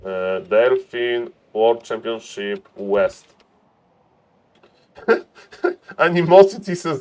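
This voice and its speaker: A man casting a strategy game live on stream, excitable, laughing often and calling out to ladies and gentlemen. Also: medium pitch, slow pace, long pauses.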